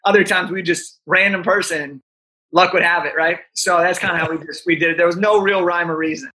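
High, bright-voiced young man telling a story. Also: fairly quick. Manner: animated storyteller, frequent "right?" asides. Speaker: guest. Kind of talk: podcast storytelling.

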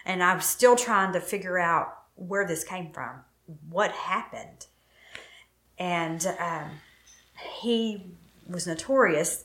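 A woman's voice: lowish voice, fairly bright tone. A middle-aged woman tells her own story with emotion, acting out what was said to her. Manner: emotional, vivid retelling with quoted dialogue. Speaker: guest telling her story. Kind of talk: personal storytelling. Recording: roomy echo.

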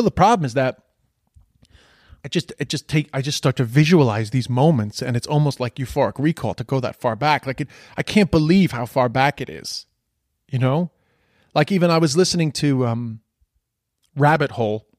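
A man's voice: medium pitch, dry recording, clean studio sound. A middle-aged Irish man, a comedian, telling stories in a casual, rambling way, often stopping to correct himself and swearing now and then. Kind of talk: casual storytelling.

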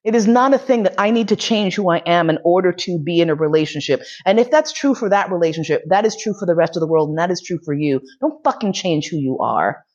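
A woman's voice: on the low side, animated, fast talker, hardly any pauses, a little mellow. A woman giving a casual, profane, often laughing storytelling talk. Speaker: lecturer. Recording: dull lo-fi recording.

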